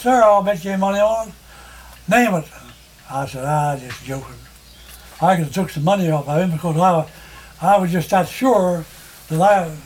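Older man, high-pitched storyteller, country dialect, chuckly oral-history yarn. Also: darkish tone, a little hiss or hum, rough recording. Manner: folksy rambling yarn-spinning with chuckles.

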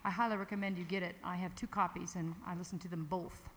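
A woman's voice: lowish voice, steady tone, fast. A woman, chatting casually as emcee of a live music event, rambling and playful as she introduces a band. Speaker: emcee at a music camp evening dance. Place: large hall with audience. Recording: echoey hall with ambient noise.

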